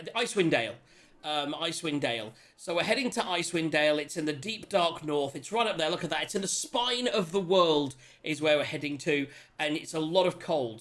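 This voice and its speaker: A man hosting a tabletop role-playing stream, chatting excitedly and rambling with many restarts. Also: on the high side. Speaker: host and player character. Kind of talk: casual chat opening a tabletop game stream.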